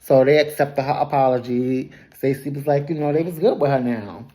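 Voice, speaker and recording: With an extremely low pitch and a warm tone, this woman talks a little fast. She runs through a reality TV episode in a chatty, gossipy way, laughing often and throwing shade as she goes. Her speech is colloquial and loose, and she keeps revising what she just said.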